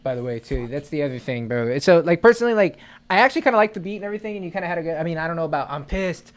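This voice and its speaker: A man's voice: on the high side, expressive, racing. A young man co-hosting a casual livestream music review, joking loosely with heavy slang.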